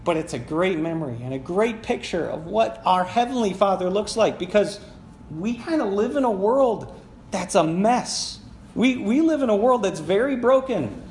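A man's voice: high voice, lively intonation, normal speed, darkish tone. A man preaching a sermon as a conversational personal story, with many fillers and laughing at himself. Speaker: pastor. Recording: echoey room with faint background noise.

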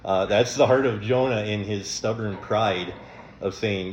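A man's voice: fairly low pitch, a little slow, echoey room, lo-fi sound, a little hiss or hum. A man preaching a sermon as pastor, in a conversational way with frequent ums and light chuckles.

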